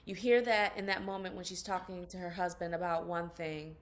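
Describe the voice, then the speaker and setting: A woman's voice: fairly low pitch, level tone, fairly quick. A young adult woman, an actress, speaking passionately and emphatically as a guest in an interview. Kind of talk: interview conversation.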